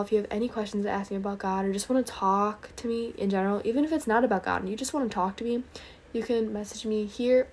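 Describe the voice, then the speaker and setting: During a late-night livestream, a tired young woman tells earnest stories of faith in a breathless rush, whispering prayers as part of a casual testimony. Her voice sits on the high side yet has a darkish, husky tone.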